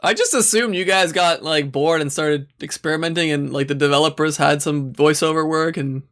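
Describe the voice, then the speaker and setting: A man with a somewhat high voice hosts a casual podcast. He asks his guest eager, curious questions in a gravelly tone with a lot of vocal fry. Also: normal speed, fairly bright tone. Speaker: podcast host.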